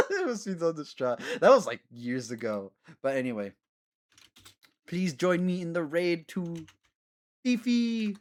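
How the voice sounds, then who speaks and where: Giggly animated male streamer. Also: a little high, unhurried. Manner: giggly, animated, chatting with viewers. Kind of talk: casual gaming stream chat.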